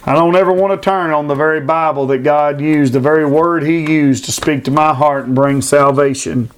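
A preacher with a notably high-pitched voice. He delivers his sermon with fervent, emphatic repetition, reading verses and pressing each point home. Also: steady tone, normal speed, clear, resonant tone.

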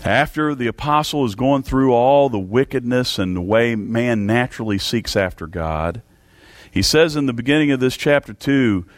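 Male preacher, fervent sermon delivery, mid pitch, dry recording. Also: no room sound. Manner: fervent preaching with big swings in pitch and loudness. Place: church service.

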